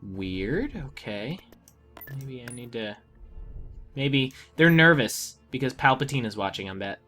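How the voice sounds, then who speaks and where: A man's voice: medium pitch, big pitch swings, moderate pace, fairly bright tone, faint music behind. A man giving casual gameplay commentary, talking to the game with exasperated outbursts. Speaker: let's play gamer.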